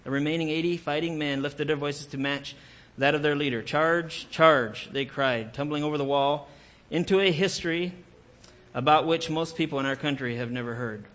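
Male storyteller, earnest, dramatic narration, slightly high pitch. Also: fairly quick, fairly bright tone. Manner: earnest, with occasional self-corrections.

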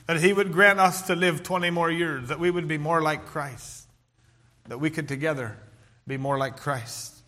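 A middle-aged man preaching a sermon in an earnest, emphatic way, slowing down to stress key lines and reading scripture aloud. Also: a little high, steady tone, sharp tone. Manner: earnest, slow emphatic delivery with King James scripture reading.

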